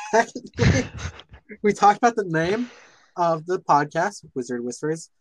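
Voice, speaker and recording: Young guy with a pretty high voice, laughs a lot and trips over his words, dry close sound on a podcast call. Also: wildly swooping pitch, takes it slowly, dry recording. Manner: stumbling, rambling, laughing often. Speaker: podcast co-host. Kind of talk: casual chat. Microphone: online voice call.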